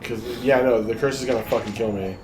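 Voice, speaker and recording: A man's voice: fairly low pitch, fast, noisy background. A man playing a video game and chatting casually, breaking into frustrated, profane outbursts. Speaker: let's play co-host playing the game. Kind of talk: casual gameplay chat. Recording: game music playing underneath. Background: game music.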